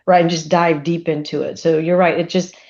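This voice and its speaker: A woman presenting on a webinar panel, chatty and expressive, telling stories. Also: low-pitched, a little fast, muffled recording.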